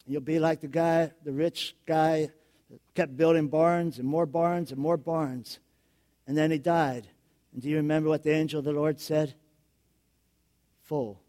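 A middle-aged male pastor giving a sermon, telling stories with frequent chuckles and building to loud, emphatic questions. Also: a little high.

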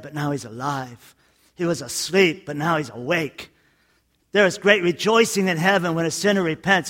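A man with a high-pitched voice preaches a lively sermon. He tells jokes and stories and hammers his points home with repetition. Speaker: pastor.

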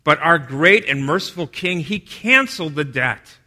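A man preaching a sermon, moving from emphatic delivery to quiet, hushed retellings of scripture scenes. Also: a little high, animated, moderate pace. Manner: dynamic, drops to a hush for quoted lines.

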